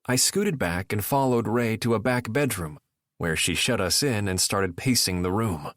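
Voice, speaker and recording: A man narrating a romance audiobook in the first person, with expressive storytelling. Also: fairly low pitch, moderate pace, dry recording, studio quality.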